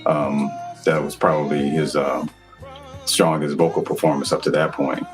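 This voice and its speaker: Co-host with an extremely deep voice, halting delivery, faint music underneath. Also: male voice, little pitch movement. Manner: hesitant, filler-heavy. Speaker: podcast co-host. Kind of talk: casual conversation.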